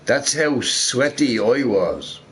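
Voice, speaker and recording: A young man rambling casually while streaming a game, swearing freely and telling stories in an animated way. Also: medium pitch, slow pace. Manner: profane, rambling, animated storytelling. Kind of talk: casual rambling chat over gameplay.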